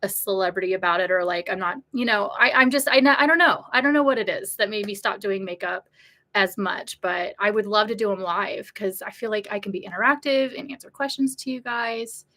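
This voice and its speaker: A woman in her thirties talks casually on a home livestream, greeting viewers and chatting about makeup. Her voice is bright and forward, and she sounds open and easily moved. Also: medium pitch, a little fast. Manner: chatty and emotional, reads viewer comments aloud. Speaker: beauty vlogger on a livestream.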